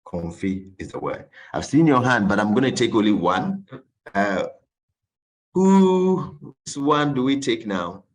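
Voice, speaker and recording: A man with a West African English accent, answering questions in a session and telling anecdotes in an animated, playful way. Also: mid-range voice, unhurried. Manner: animated, acts out little scenes. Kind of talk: informal talk with anecdotes.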